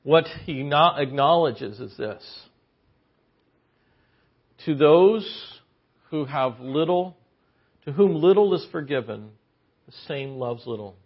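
A man preaching a sermon, shifting from quiet storytelling to loud, impassioned exhortation. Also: a little high, animated, takes it slowly, long pauses, slightly rough, muffled recording.

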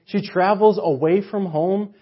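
A man preaching a casual sermon in a church, chatty and full of "like," shifting from hushed awe to loud emphasis. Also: sits high, unhurried, slightly rough. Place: church chapel. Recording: muffled lo-fi sermon audio.

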